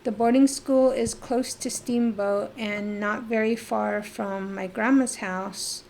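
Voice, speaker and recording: Slow, reflective middle-aged woman. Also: a little high, fairly even intonation, gravelly, darkish tone, slight background noise. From northeastern Arizona. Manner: slow, reflective, halting with pauses and fillers. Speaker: interview guest. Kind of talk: personal life-story interview.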